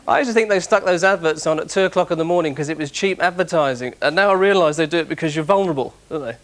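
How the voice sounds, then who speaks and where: A man's voice: on the high side, rapid-fire, hardly any pauses, a bit bright, a little hiss or hum. A man hosting a stand-up comedy show, tossing quips and chatty asides to a live audience.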